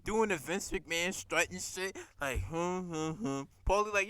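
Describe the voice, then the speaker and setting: A man recapping a TV episode in casual, profane chat, animated and laughing as he acts out scenes. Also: high-pitched, measured pace, hardly any pauses, clean tone, no room sound.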